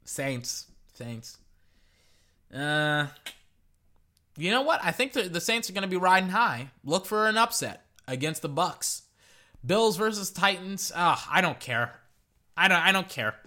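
A young man ranting through his weekend football picks in casual solo commentary, exasperated and jumping up and down in pitch. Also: big pitch swings, a little slow, sharp tone. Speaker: sports podcaster giving picks. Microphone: echoey metal can around the mic.

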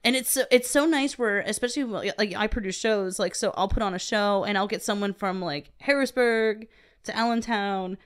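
A woman chatting as a podcast guest, her voice sitting at an ordinary middle pitch. She talks loosely, with lots of fillers and frequent laughs. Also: moderate pace, clear, resonant tone. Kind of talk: casual chat.

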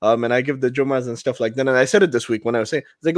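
A man's voice: medium pitch, racing, hardly any pauses, no echo. A man of Pakistani background, a podcast host and volunteer imam, earnestly retelling points from his sermon in casual conversation.

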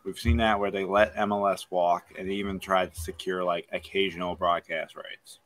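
Bright-voiced opinionated man chatting sports. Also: low voice, little pitch movement, normal speed. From Kentucky. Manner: opinionated, emphatic, many "like" fillers. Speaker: podcast co-host. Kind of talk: casual sports chat.

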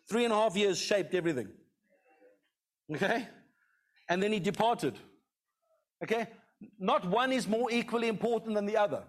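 Male pastor, middle-aged, high voice, chatty sermon style that keeps asking "okay?". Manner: conversational, repeats "okay?" to the congregation.

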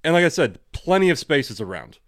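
His voice is a little high and sing-song, fairly quick with a fairly bright tone, as he co-hosts a podcast full of casual, rambling chat and free swearing. The sound is dry and studio-clean.

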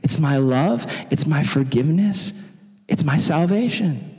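A man voicing a calm, earnest male savior figure, speaking in a reassuring way. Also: a little high, unhurried, big-room sound.

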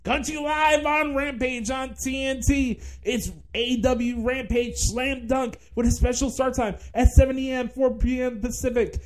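A man putting on the voice of a hyped-up, salesy wrestling show announcer with a loud, punchy promo delivery. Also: extremely high pitch, steady tone, moderate pace, hardly any pauses, pitched above the performer's own voice.

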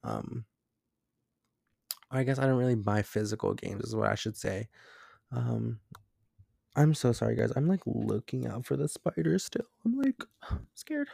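A man's voice: medium pitch, moderate pace, creaky, pauses often, warm tone, breathy edge, dry recording, clean studio sound. A young man hosting a casual solo podcast from his bedroom late at night, rambling and jumpy with lots of fillers, scared and tired. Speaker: podcast host. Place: bedroom at home.

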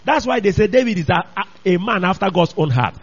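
A man's voice: sits high, lively intonation, brisk, breathy edge. A man preaching a sermon, emphatic and repetitive, often calling out to his listeners. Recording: dull lo-fi recording.

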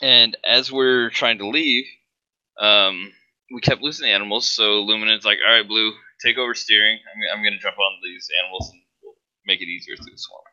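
Man, very low voice, sharp tone, laid-back, lo-fi sound. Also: fairly even intonation, normal speed. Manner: laid-back, with many ums. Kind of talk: casual gaming chat. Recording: dull lo-fi audio.

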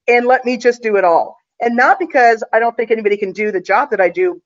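A woman's voice: mid-range voice, highs cut off. A woman guest telling a story in a casual, confident, chatty way, with plenty of fillers.

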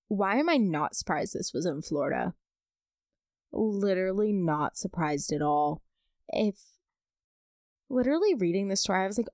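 A young woman hosting a podcast, chatting casually and reading listener stories aloud with expressive, dramatic emphasis. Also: lowish voice, moderate pace, long pauses, no echo, clean studio sound. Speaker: podcast host.

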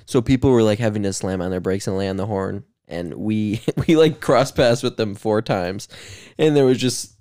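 Young man, low voice, dry recording, casual rambling chat. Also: moderate pace, hardly any pauses, warm tone, clean tone, no echo. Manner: rambling, laughs often, many fillers. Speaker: podcast co-host.

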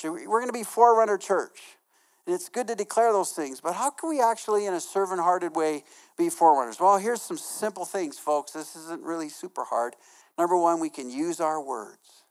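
A man preaches to his church in an easygoing, talky manner. He leans on "you know" and "right?", restarts his phrases, and keeps asking the congregation questions. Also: high voice. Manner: casual, filler-heavy, repeats words, asks the congregation questions. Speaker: pastor. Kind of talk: conversational sermon.

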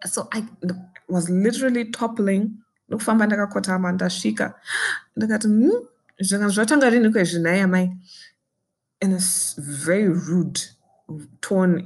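A young Zimbabwean woman with a slightly low voice tells her own story in an intense, indignant way. She slips between English and Shona as she talks. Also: a little mellow, husky. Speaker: podcaster recounting a personal ordeal. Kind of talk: emotional personal storytelling.

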